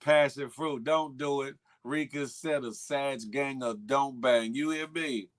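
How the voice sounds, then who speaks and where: A morning show host reads viewer comments in a casual chat, teasing his audience with slang and laughter. His voice is medium-pitched and his pace unhurried.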